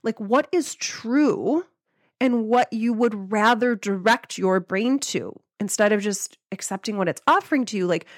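A woman's voice: on the high side, measured pace, no echo, studio quality. A young woman host giving a casual motivational talk, upbeat and chatty, with lots of "like" and easy laughs. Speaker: podcast host and life coach.

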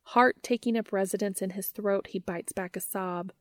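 A woman narrating a story aloud in a measured, gentle manner. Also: mid-range voice, steady tone, no echo. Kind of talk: reading fan fiction aloud.

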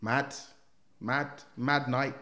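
A man telling an animated personal story as a podcast guest, full of slang. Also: medium pitch, very slow. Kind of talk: casual storytelling.

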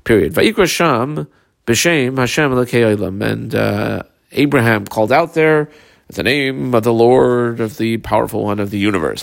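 A man teaching a Talmud passage line by line. He reads Hebrew and Aramaic phrases, then translates them in halting English with frequent filler pauses. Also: mid-range voice, creaky.

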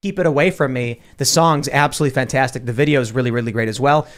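A man's voice: medium pitch, fast talker. A man hosting a podcast, talking in an upbeat, enthusiastic way. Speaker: podcast host. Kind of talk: casual podcast talk.

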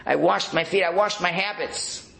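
A fervent Hasidic rebbe cries out to God in a raised, straining voice, close to tears, as a preacher acts him out. The pitch climbs well above the speaker's usual register. A gravelly edge runs under every line. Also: male voice, moderate pace, sharp tone, exaggerated voice. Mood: fervent pleading. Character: ecstatic male Hasidic rebbe pleading with God.

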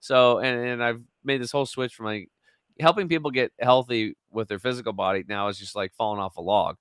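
A man's voice: mid-range voice, brisk, smooth, no room sound, clean studio sound. A man in his forties, a guest in an interview, telling a story with lots of energy and acting out what people said. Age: 40s. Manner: energetic, acts out quotes.

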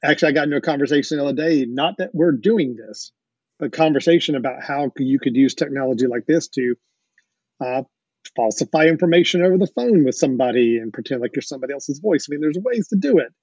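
A man's voice: on the high side, expressive, fast, darkish tone, slightly rough, no echo. A man hosting a podcast, explaining things with enthusiasm and the odd chuckle, on dull lo-fi audio. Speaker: podcast host. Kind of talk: casual podcast chat.

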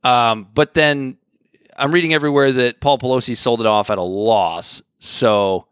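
A man co-hosting a podcast in casual chat, with an easygoing, halting delivery full of restarts. His pitch is ordinary for a man. He is recorded close and dry. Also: a bit bright, smooth, no echo. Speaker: podcast co-host.

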